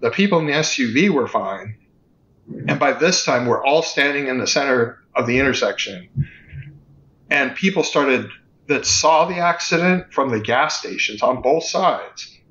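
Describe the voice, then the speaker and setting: A man's voice: medium pitch, expressive, a bit bright. Man telling a dramatic story, muffled. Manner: vivid, detailed recounting with quick restarts. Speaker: podcast guest. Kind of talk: personal storytelling.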